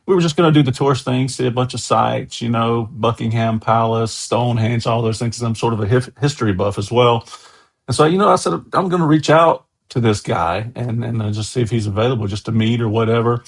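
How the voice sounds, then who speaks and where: A man's voice: mid-range voice, a little fast, gravelly. American male guest, mid-range voice, chatty anecdotal storyteller. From USA. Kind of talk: casual interview storytelling.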